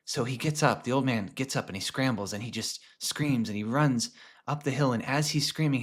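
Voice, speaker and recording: A man's voice: medium pitch, brisk. Man telling a teaching story. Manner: conversational, many restarts, drops to a hush at times. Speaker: presenter. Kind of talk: storytelling lesson.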